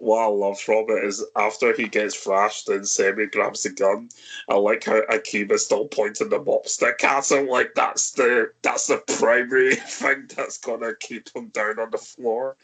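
Slow-talking man with giggly laughs. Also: flat delivery, a bit bright. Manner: laughs often, high giggles. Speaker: podcast host. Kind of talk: casual film review chat.

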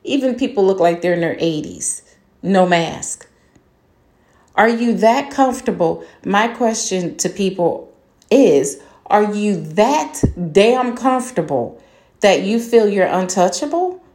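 An older woman, a grandmother, rants with open anger, swearing and hammering her listeners with rhetorical questions. Her voice sits at a middle pitch. She records in a room that gives it a roomy echo. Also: animated, measured pace, darkish tone. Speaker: podcast host. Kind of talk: angry monologue rant.

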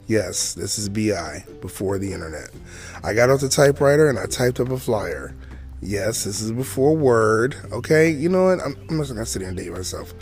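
A man's voice: on the low side, lively intonation, normal speed, a little mellow, soft background music. A man in his forties telling his own story as a podcast host, chatty and full of asides to the listener. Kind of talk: storytelling monologue.

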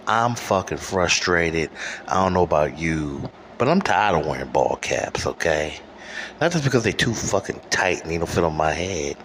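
A man's voice: deep voice, very animated, normal speed, a bit bright. A man from Detroit hosting his own podcast, delivering a profane, rambling solo rant that keeps checking in with "okay?" while recording at home. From Detroit, USA. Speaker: podcast host. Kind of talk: solo ranting monologue. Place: home room with air conditioner running. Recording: faint air conditioner hum. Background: faint air conditioner hum.

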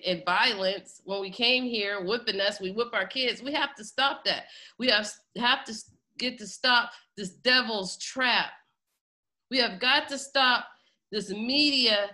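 A woman's voice: medium pitch, pushed and bright. A woman hosting a congregation, preaching with fervent, pleading emotion and close to tears. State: near tears. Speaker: congregation host. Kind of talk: impassioned preaching.

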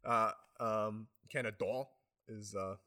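Giggly male co-host, unhurried and rambling, bright voice that swoops around. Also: lowish voice, steady tone. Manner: giggly, rambling, improvising jokes. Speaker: podcast co-host. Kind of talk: comedy podcast banter.

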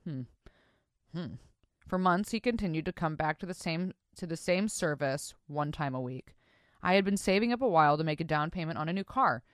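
A woman's voice: sits low, expressive, brisk, no room sound, studio quality. Foul-mouthed woman hosting a podcast. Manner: crude, profane, swings into mock-disgusted reactions. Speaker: podcast host. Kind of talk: casual podcast chat reading listener stories.

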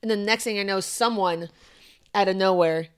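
A young woman co-hosting a podcast, telling a story in casual chat, animated and profane. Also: mid-range voice, fairly quick, clear, resonant tone. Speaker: podcast co-host.

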